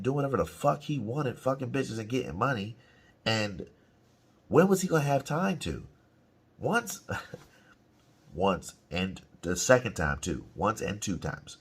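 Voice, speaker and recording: A man's voice: on the low side, slightly rough. A man giving casual, profane, slang-heavy reaction commentary on a TV episode. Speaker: reaction channel host.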